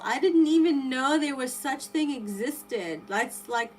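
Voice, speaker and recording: A woman's voice: sits high, takes it slowly, hardly any pauses, slight background noise, low-quality recording. Chatty, exclaiming woman tarot streamer. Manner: exclaiming, animated and chatty, rambling with many restarts. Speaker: live tarot reader. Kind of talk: live stream chat reading viewer comments.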